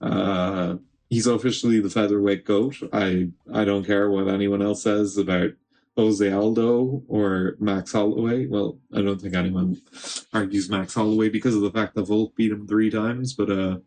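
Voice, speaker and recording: A man's voice: lowish voice, steady tone, moderate pace, a little mellow. A man streaming gameplay, chatting casually and talking back to the game, with an occasional swear. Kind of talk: live gameplay commentary.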